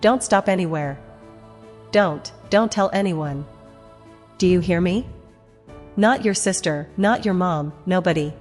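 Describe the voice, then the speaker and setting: A woman voicing a clipped, impatient husband who turns low and urgent. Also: unhurried, long pauses, darkish tone, lightly acted. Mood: controlled urgent. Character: curt, controlling husband. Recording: long reverb, music behind.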